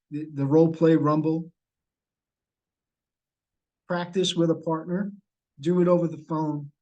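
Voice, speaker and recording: A man's voice: a little high, warm tone, rough recording. Upbeat coaching man on a video call. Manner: encouraging, coaching, repeats key points. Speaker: real estate sales trainer. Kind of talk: training session over video call.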